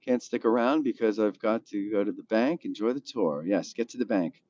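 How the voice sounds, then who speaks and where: A man's voice: on the low side, normal speed, mellow, muffled recording. A man hosting a live stream from a car, with an easygoing, rambling manner, talking straight to viewers and answering their comments in his morning voice. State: still has his morning voice.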